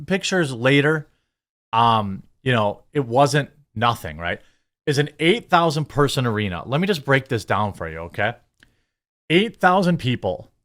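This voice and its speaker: A man's voice: medium pitch, a bit bright. A middle-aged man hosting a political commentary channel, ranting in an indignant, sarcastic and emphatic way.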